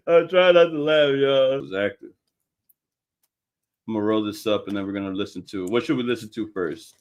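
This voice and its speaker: A man's voice: on the low side, fairly quick. A man hosting a casual live stream, talking in a slangy, profane way and laughing often.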